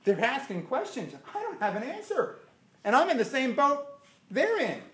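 A man preaching a sermon, animated and firing rhetorical questions at his listeners. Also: very high-pitched, moderate pace. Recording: echoey room.

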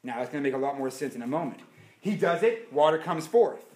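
A man preaching a sermon, animated and firing rhetorical questions at his listeners. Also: on the high side, a little fast. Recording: echoey room.

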